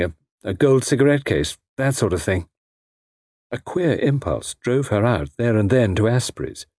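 Husky, expressive male narrator. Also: lowish voice, no echo, clean studio sound. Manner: expressive storytelling with a wry tone. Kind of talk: audiobook reading.

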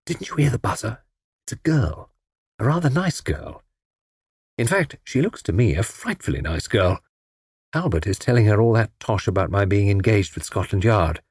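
A man reading an audiobook, voicing a self-important young man who plays at being a great detective, in a slightly husky voice. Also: fairly low pitch, big pitch swings, moderate pace, darkish tone, no echo, clean studio sound, heavily acted. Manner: self-important, theatrical, bossy. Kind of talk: audiobook character voice.

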